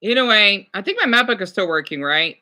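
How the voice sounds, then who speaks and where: A woman's voice: mid-range voice, lively intonation, fast, sharp tone. A woman vlogger chatting casually as she reacts to a news clip, talking to herself with frequent exclamations. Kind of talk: casual chat.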